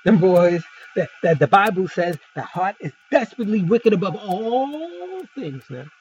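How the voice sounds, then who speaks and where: A man's voice: big pitch swings, moderate pace, husky, lo-fi sound. A man preaching an informal sermon, emphatic and full of rhetorical questions and folksy asides. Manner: emphatic, wide swings in pitch and loudness, rhetorical questions.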